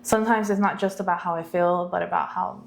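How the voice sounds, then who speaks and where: A woman's voice: lowish voice, steady tone, quick pace, gravelly, slight background noise. A young woman co-hosting a podcast, chatting candidly with lots of filler words. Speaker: podcast co-host. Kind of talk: casual chat.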